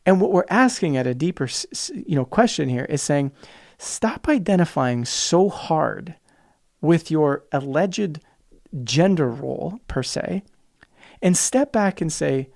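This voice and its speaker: Gravelly, fervent man podcasting solo. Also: a little high, lively intonation, measured pace, a little mellow. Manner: passionate, emphatic, quotes opposing views in mocking voices. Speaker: podcast host.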